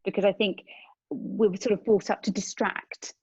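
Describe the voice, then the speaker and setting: A woman hosting a conversational interview, speaking in a halting, thoughtful way with frequent restarts. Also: medium pitch, steady tone, darkish tone, breathy edge, no echo, highs cut off. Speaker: podcast host.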